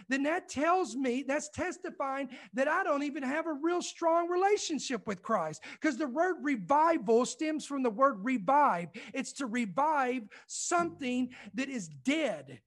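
A male preacher delivers an impassioned sermon in a strikingly high voice. He presses his points over and over, cutting in with "listen" and stumbling into restarts as his fervor builds. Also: a bit bright. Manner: fervent, emphatic, repeats "listen" and "I'm telling you"; restarts and stumbles when heated. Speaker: preacher and ministry host.

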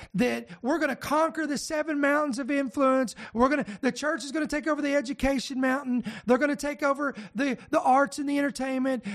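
A man's voice: very high voice, vocal fry, fairly bright tone. A man preaching a podcast sermon, fervent and emphatic, firing off rhetorical questions and warnings.

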